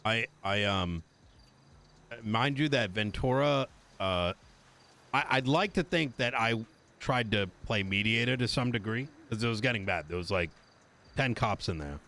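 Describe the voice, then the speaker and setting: A man speaking in character during a game roleplay, measured and hesitant, with many pauses and ums. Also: on the low side, animated, sharp tone.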